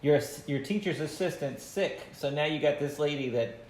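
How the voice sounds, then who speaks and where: A man who performs for children, guesting on a podcast in casual chat, animated and acting out quotes as he tells stories. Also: on the high side, moderate pace. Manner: animated storyteller, acts out quotes. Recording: roomy sound with faint noise.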